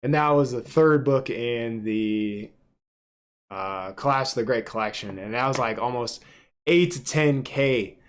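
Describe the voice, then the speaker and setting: A man's voice: medium pitch, a little slow, clean tone. A man streaming live, giving casual, joking commentary with crude asides as he reads webtoons aloud.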